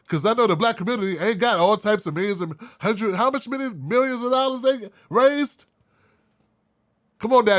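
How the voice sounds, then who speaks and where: A man's voice: sits high, fairly bright tone. A man hosting an opinion commentary show, blunt and fired up, swearing freely. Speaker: host.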